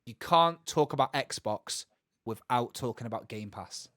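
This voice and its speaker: A man's voice: medium pitch, a little slow, pushed and bright, no echo. A man in casual podcast chat, talking in loose, rambling runs that keep restarting and circling back. His voice sits in an ordinary middle range. The recording is dry and close, with no room sound. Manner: rambling, many restarts and asides. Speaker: podcast co-host.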